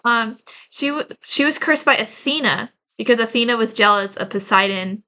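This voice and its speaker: Woman, tarot reader, casual chat to viewers, rambling, lots of fillers, bright sharp tone. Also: on the high side, normal speed. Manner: chatty and rambling, many "like" fillers, addresses viewers as y'all. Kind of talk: casual collective tarot reading to camera.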